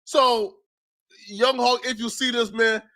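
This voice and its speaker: Bright-voiced man ranting mockingly. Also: very high-pitched, steady tone, slow. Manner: preachy, mocking, emphatic rhetorical questions. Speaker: commentator in a played clip. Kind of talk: ranting social commentary.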